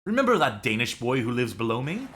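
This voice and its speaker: A man's voice: medium pitch, sing-song, fast, a bit bright, a little hiss or hum. A man reading game dialogue as a French resistance contact, in an overdone put-on French accent. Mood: earnest briefing.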